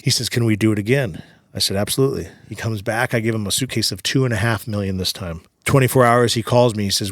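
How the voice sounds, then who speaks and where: A man with a lowish voice talks fast as a podcast guest, telling a long story in a casual, profane way and filling it with "like." It's animated storytelling within relaxed conversation, recorded dry in a clean studio.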